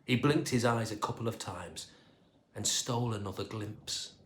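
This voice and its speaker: A man narrating a children's storybook in an expressive, playful manner. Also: fairly low pitch, moderate pace, slight background noise. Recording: echoey room.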